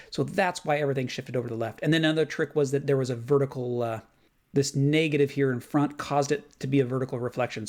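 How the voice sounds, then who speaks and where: A man teaching a recorded math lesson in a casual way, thinking aloud with fillers and quick self-corrections. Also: mid-range voice, darkish tone.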